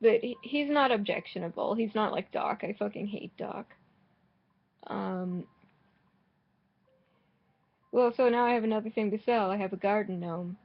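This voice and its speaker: A woman's voice: mid-range voice, normal speed, vocal fry, long pauses, muffled recording. A woman giving casual, rambling commentary while playing a game, sarcastic and swearing, often restarting her sentences. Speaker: gaming vlogger.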